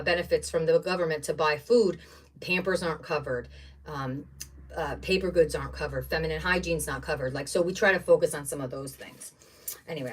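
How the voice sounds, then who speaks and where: A middle-aged woman hosting a craft livestream, chatting in a rambling, excitable way while she unpacks supplies at home. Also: on the low side, breathy edge, distant mic. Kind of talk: casual chat while unboxing craft supplies.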